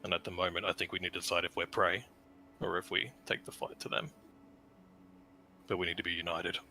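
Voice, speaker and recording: A man's voice: sits low, flat delivery, a little fast, pushed and bright, a little hiss or hum. A man playing his character at a tabletop game, giving earnest, speech-like addresses. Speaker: player.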